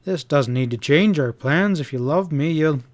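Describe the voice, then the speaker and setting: A frightened young cowhand from a western storybook, speaking in a hurried, faltering rush and tripping over his words, as a man reads him out. The voice sits a little high for a man. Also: darkish tone, natural voice. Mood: desperate.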